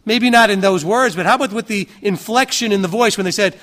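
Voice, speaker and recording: High-voiced male preacher, conversational sermon, mimics scoffers, rhetorical questions. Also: fairly quick, few pauses, fairly bright tone. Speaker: pastor.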